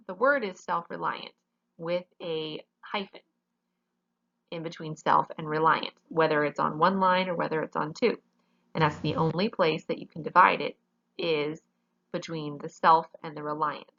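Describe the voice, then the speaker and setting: A woman's voice: on the low side, gravelly, fairly bright tone, muffled recording. A woman teaching a grammar lesson in a classroom, explaining each rule step by step and often checking with "okay?".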